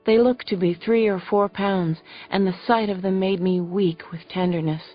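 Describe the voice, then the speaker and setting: Gentle woman narrating an audiobook. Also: medium pitch, fairly even intonation, normal speed. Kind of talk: scripted first-person audiobook narration. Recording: dull lo-fi audio, faint music.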